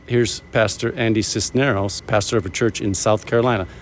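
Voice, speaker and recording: A man's voice: fairly low pitch, fairly even intonation, a little fast, slight background noise. A man going around a camp doing casual on-the-spot interviews, upbeat and joking. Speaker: event reporter interviewing attendees. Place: outdoor camp.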